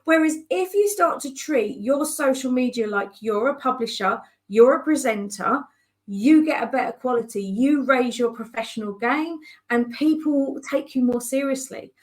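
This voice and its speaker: A woman business coach telling stories in a conversational way, animated and acting out the voices of people she quotes. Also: sits high, moderate pace. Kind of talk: conversational storytelling.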